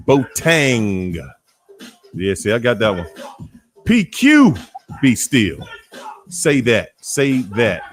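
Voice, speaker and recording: A man hosts a laid-back livestream, calling out viewers one by one. His voice swings widely in pitch, and he stretches words out slowly with frequent laughter. Soft music plays faintly behind him. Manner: animated, drawls names, laughs often. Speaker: livestream host. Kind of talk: casual livestream chat greeting viewers.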